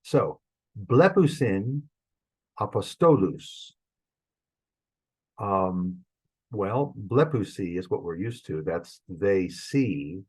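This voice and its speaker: Man, church classroom teacher, grammar lesson, husky voice, lowish pitch, informal with fillers. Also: poor audio. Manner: informal, explains step by step with many fillers and restarts. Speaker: Greek teacher.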